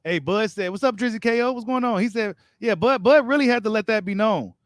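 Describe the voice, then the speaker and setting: High-voiced man chatting on a boxing live stream. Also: brisk, no room sound, clean studio sound. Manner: casual, slangy, talks straight to viewers. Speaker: boxing channel host. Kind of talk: live-stream chat reading viewer comments.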